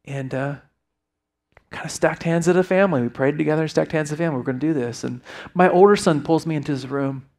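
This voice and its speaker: A middle-aged man preaching a sermon, telling a family story with lively acted-out dialogue before a quiet prayer. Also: on the high side, fast talker. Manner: animated storyteller acting out family dialogue, then hushed prayer. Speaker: pastor.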